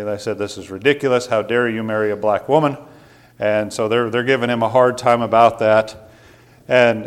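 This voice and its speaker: A pastor preaching a sermon in a folksy, conversational way, often repeating words and adding side remarks. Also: male voice, mid-range voice.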